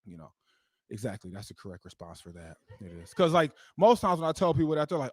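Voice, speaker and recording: A man's voice: medium pitch, very animated, quick pace, breathy edge, no room sound. A man performing a live stand-up comedy set into a stage mic, rambling with lots of "like" and laughing at his own jokes. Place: live comedy show venue.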